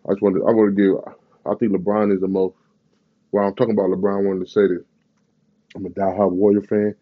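A man's voice: lowish voice, little pitch movement, fast, phone-quality sound. A man, ranting in a profane, rambling, slang-heavy way in a casual vlog. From Bay Area, California. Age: 30s.

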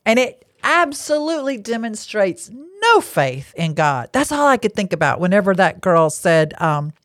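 A woman's voice: medium pitch, sing-song, normal speed, no echo, clean studio sound. A woman hosting a casual Christian teaching talk, speaking frankly and bottom-line with chatty asides, seated at a table indoors. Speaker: podcast host and lay marriage counselor.

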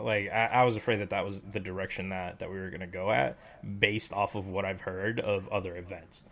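A man's voice: low-pitched, fairly even intonation, fairly quick, few pauses, a bit bright. A man chatting casually with friends, rambling with lots of fillers and restarts. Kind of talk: casual chat.

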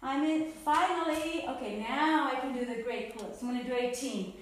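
A woman's voice: high voice, fairly even intonation, moderate pace, reverberant. A woman podcast host, out of breath, chatting and cheering herself on in an upbeat, encouraging way while exercising. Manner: upbeat, self-coaching, encouraging. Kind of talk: casual motivational chat while exercising.

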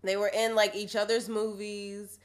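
A woman's voice: mid-range voice, flat delivery, moderate pace. Chatty hungover young woman podcaster. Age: 20s. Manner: chatty, laughing, slangy. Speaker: podcast co-host. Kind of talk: casual chat.

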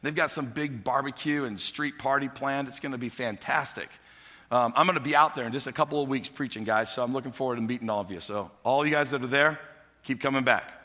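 A male pastor preaching a sermon, telling stories in a lively way and acting out the characters as he goes. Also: fairly high pitch. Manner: animated storytelling, acting out characters. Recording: long hall reverb.

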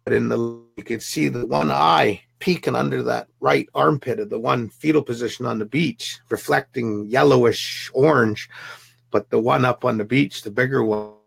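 Male guest with a strongly gravelly, husky voice, telling a lively story and doing the voices of the people in it. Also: medium pitch, moderate pace. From Pacific Northwest. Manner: vivid storyteller acting out the people he quotes. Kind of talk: storytelling an encounter.

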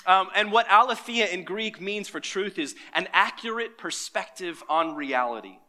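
A man's voice: high voice, lively intonation, moderate pace, sharp tone. A pastor giving a sermon to his congregation, reading scripture and quizzing his listeners in an engaging way.

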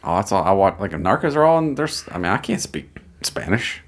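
Low husky-voiced American man chatting. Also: very animated, fairly quick. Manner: rambling, swears often, laughs at own jokes. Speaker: podcast co-host. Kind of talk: casual podcast chat.

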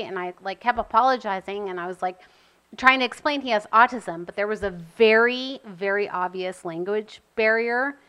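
A young woman recounts a story about her son in loose, casual conversation. Her voice is bright and forward, and she keeps dropping in "like" while acting out the dialogue. She sits at a middle pitch for a woman. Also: moderate pace, clear, resonant tone. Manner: animated, acts out quotes, says "like" often. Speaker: mother of an autistic son.

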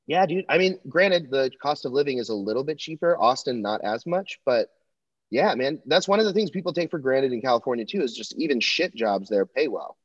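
A young man, a comedian, chatting casually in a rambling, profane, animated way. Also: medium pitch, a little fast, husky, no echo. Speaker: comedian and podcast co-host. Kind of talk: casual chat. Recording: dull lo-fi dry sound.

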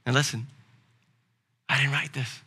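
Bright-voiced preaching pastor. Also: male voice, medium pitch, steady tone, unhurried, husky. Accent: Southern American. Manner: builds to loud emphatic preaching, then drops to quiet. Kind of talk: sermon.

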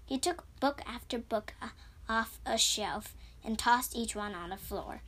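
Woman, reading a storybook aloud, plain, unhurried, small slips, fairly high voice. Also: pushed and bright. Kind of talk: reading a children's chapter book aloud.

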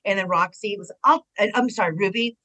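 A middle-aged woman, a retired pro wrestler, telling stories in a casual interview, animated and jumping higher when she quotes people. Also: fairly quick, low-quality recording.

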